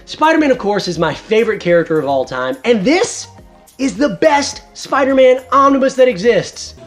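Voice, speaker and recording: A man's voice: extremely high pitch, moderate pace, faint music behind. A man in his thirties hosting a casual video review, talking enthusiastically. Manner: enthusiastic, animated. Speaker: host.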